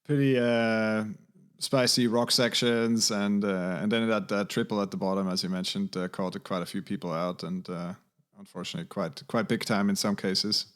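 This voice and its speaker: Halting low-voiced male co-host. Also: steady tone. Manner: halting, many uhs. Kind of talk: casual interview chat.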